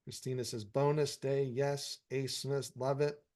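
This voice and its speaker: A man's voice: medium pitch, flat delivery, measured pace, darkish tone. Casual, swearing meditation teacher, a man. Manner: frank, profanity-laced, encouraging. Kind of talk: casual live Q&A, reading viewer comments.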